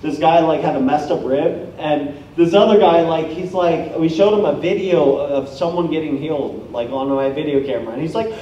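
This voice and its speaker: A man preaching with lively storytelling, his mellow voice pitched a little high. He sounds distant in a roomy hall, and the recording is dull and slightly noisy. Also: normal speed, few pauses. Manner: energetic, storytelling, acts out quoted people. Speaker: guest preacher. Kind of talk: sermon with personal stories. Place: church hall.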